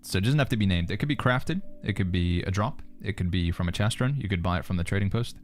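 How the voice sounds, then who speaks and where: A man's voice: sits low, fast talker. A man from the United Kingdom with a British accent that leans American, chatting casually on a game livestream, reading out and answering chat. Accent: British, mixed with American. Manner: relaxed, reads chat messages aloud and answers them. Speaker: streamer.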